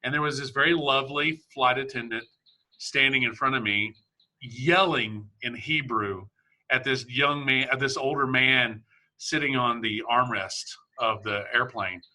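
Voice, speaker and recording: Male host, very bright tense tone, loose rambling storyteller. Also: mid-range voice, a little slow. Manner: rambling storyteller, many restarts. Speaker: podcast host. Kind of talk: casual conversation.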